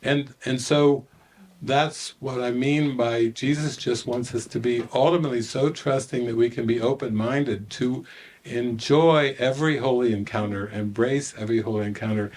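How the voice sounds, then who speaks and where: A man's voice: medium pitch, normal speed. An older man giving a spiritual retreat talk, telling stories with laughter and acting out the voices of the people in them. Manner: animated storytelling with laughter and acted-out quotes. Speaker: spiritual teacher.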